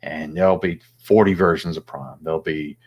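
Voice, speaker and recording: A man's voice: extremely low pitch, steady tone, normal speed. A man hosting a casual live chat, rambling and thinking aloud with plenty of fillers. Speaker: host.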